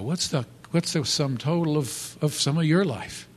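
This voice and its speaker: A man's voice: medium pitch, a little hiss or hum. Man telling a story in a reverberant hall. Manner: halting, many restarts, animated. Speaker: speaker. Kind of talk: motivational storytelling talk.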